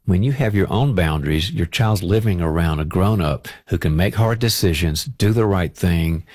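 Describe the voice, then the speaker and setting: A male parenting author speaks calmly and directly, laying out practical advice step by step. His voice sits low. The sound is dry and close. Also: moderate pace, dry recording. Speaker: parenting author and guest expert. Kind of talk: advice on a talk show.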